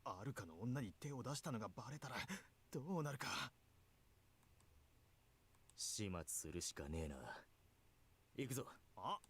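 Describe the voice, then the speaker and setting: An actor playing a rough young male street thug in a game voice, talking coarsely and gruffly. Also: mid-range voice, big pitch swings, fast talker, long pauses, a bit bright, heavily acted. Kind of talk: game voice acting.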